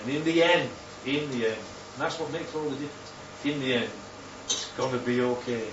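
A man preaching a sermon, animated and full of rhetorical questions, his voice leaping up for emphasis. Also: mid-range voice, a little fast, noisy background. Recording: roomy, distant, dull sound with faint ambience.

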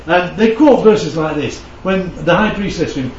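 A man's voice: a little high, expressive, normal speed, hardly any pauses, slight background noise. A man preaching a conversational Bible teaching, often checking in with his listeners. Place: church hall. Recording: dull, echoey hall from far off.

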